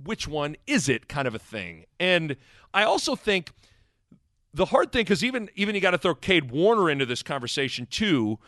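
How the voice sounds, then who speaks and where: A man co-hosting a casual sports podcast, his voice sitting a bit high and swinging widely in pitch. He rambles and restarts his sentences. The sound is dry and close. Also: moderate pace, dry recording. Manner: rambling, self-correcting, animated. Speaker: podcast co-host.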